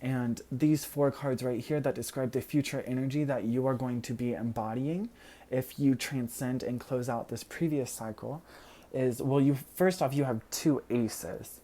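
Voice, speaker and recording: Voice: mid-range voice, steady tone, normal speed, dark tone. A tarot card reader giving an earnest, reassuring pick-a-card reading straight to the viewer, full of "you know" fillers. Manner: loses words at times and laughs at own slips.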